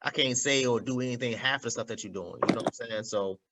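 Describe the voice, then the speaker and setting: A young adult man in a casual podcast chat, talking in an animated, slangy way and often adding "you know what I'm saying.". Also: medium pitch, quick pace, very noisy.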